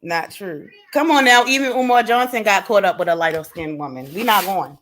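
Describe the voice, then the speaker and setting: At medium pitch and a little fast, a livestream co-host with a bit of brightness in her voice chats animatedly. She talks bluntly in casual conversation, cursing freely and laughing a lot.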